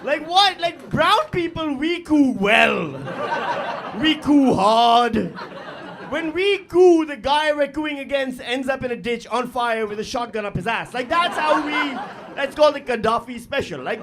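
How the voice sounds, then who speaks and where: A man's voice: extremely high pitch, moderate pace, crowd noise. A middle-aged man performing a stand-up comedy set on a live stage, profane and rambling, full of fillers and talking straight to the audience.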